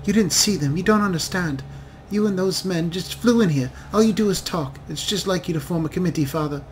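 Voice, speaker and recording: A man's voice: high voice, brisk, a little hiss or hum, pitched above the performer's own voice, close to an everyday voice. A man voicing a haunted, frightened young woman elf who talks anxiously and turns accusing. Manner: anxious, pleading, bursts of accusation.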